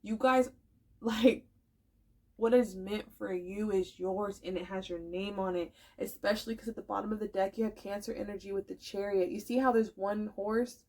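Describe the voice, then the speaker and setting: A woman gives a casual pick-a-card tarot reading in a warm, steady, medium-pitched voice at normal speed. She is chatty, emotional, and encouraging, delivering things emphatically and sprinkling in lots of "like" and "y'all".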